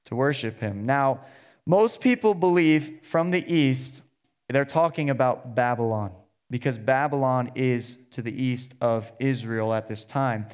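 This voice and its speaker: A man's voice: medium pitch, darkish tone, clean tone. Male pastor, mid-range voice, preaching a casual storytelling sermon and voicing the characters' lines. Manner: storytelling, acting out the characters in plain voice. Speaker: associate pastor.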